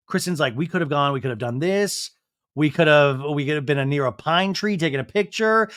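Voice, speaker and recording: A man's voice: fairly high pitch, lively intonation, moderate pace, fairly bright tone, no room sound, clean studio sound. A man hosting a podcast, recapping a reality show in a sarcastic, gossipy way and acting out the cast's lines in shifting voices. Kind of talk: comedic recap with quoted voices.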